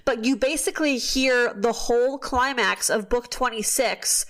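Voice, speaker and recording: Chatty woman animatedly retelling a story. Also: on the high side. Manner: animated storytelling, quick asides, swearing. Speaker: podcast host. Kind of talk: casual chat recapping a book.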